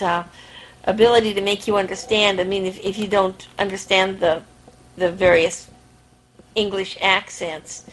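A woman in a casual group discussion about narrators, explaining her point in a measured way. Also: mid-range voice, a little hiss or hum, poor audio.

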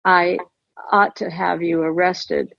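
A woman's voice: lowish voice, steady tone, takes it slowly, vocal fry, a bit bright, no room sound, dull audio, heavily acted. A woman voicing a hostile, foul-mouthed older woman who guards her land, with a coarse rural way of talking. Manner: coarse, snarling rural talk.

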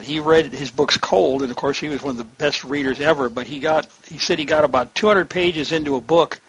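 A man's voice: on the high side, fairly bright tone, a little hiss or hum, poor audio. A man in a book club chat, telling an anecdote in an amused, storytelling way. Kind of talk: casual anecdote.

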